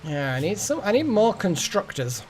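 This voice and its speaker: A man's voice: high-pitched, big pitch swings, normal speed, soft background music. A man streaming a game, rambling casually to his chat. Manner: rambling, chatty, talks to chat. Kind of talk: casual gameplay commentary.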